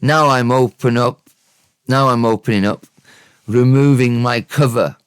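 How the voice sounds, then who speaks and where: A man with a Welsh accent giving a casual spoken language lesson, unhurried and thinking aloud, often correcting himself. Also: mid-range voice, clean tone, no echo, clean studio sound.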